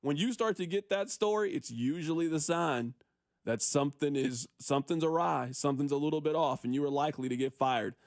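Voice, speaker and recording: A sports radio host, a man, talks fast and animated as he riffs on listener texts. His voice sits high for a man. The studio sound is close and dry. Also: no echo.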